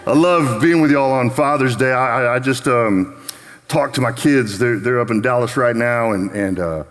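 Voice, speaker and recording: A man's voice: mid-range voice, fairly bright tone, faint music behind. Man preaching in an echoing church hall. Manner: storytelling with many quick repeated restarts. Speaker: guest speaker. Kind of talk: Father's Day church message. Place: church sanctuary. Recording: long reverb of a church hall.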